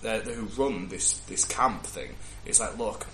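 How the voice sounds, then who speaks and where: Bright-voiced man, chatty podcast co-host. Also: lowish voice, measured pace, slight background noise. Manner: rambling, restarts often, animated storyteller. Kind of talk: casual chat. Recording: roomy echo.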